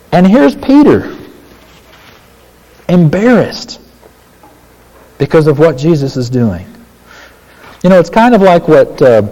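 A man preaching a sermon, animated and emphatic, with casual asides to the congregation. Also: a little high, in a large hall, poor audio. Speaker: pastor.

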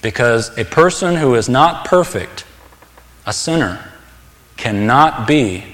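A man delivers a sermon in a relaxed, conversational way, pressing hard on the words he wants to land. His voice sits at an ordinary pitch for a man. The sound carries a long reverb, as from a large hall. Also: slow. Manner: earnest, conversational preaching with emphatic stresses. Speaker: pastor.

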